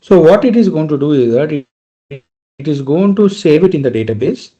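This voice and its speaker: A man's voice: a little high, animated, normal speed, warm tone. Man teaching, dull lo-fi sound. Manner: explains step by step with frequent "right?" checks. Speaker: trainer. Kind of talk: live technical lecture.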